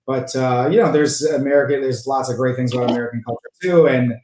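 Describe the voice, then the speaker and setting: A man telling a story in a casual podcast interview, animated and full of fillers and restarts. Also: medium pitch, fast, noisy background. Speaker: podcast guest, sales engineering leader. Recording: roomy echo.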